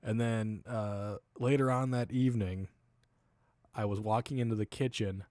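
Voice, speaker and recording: A man in his thirties hosts a casual livestream and tells crude stories, laughing at them as he goes. His voice is fairly low and recorded close and dry, with no room sound at all. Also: fairly even intonation, moderate pace, a little mellow, no room sound. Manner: laughs often, crude humor, storytelling. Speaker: streamer.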